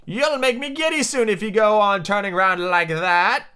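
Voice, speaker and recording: A man voicing a fussy old female sheep who keeps a shop and knits, in a high, drawn-out delivery from a storybook reading. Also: sharp tone, clear, resonant tone. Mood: querulous.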